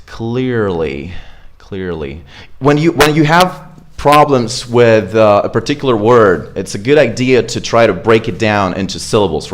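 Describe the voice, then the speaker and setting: A man giving a live pronunciation lesson, demonstrating sounds slowly and repeating words, checking in with "right?". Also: lowish voice. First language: Russian. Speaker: accent coach.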